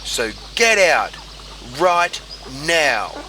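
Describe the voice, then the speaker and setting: A man reading a storybook and voicing a bossy, self-important male duck who snaps orders loudly. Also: medium pitch, sing-song, takes it slowly, slight background noise, full character voice. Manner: snapping, loud and commanding.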